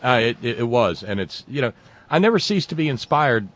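A man hosting a political talk show, speaking in a halting, sarcastic way with many restarts. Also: medium pitch, sing-song, a bit bright. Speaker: talk radio host.

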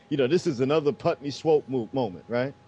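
A man's voice: mid-range voice, fairly quick, dark tone, slightly rough. A man giving a heated, profane political rant as the host of a talk show, speaking with emphatic force. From United States. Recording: dull lo-fi sound.

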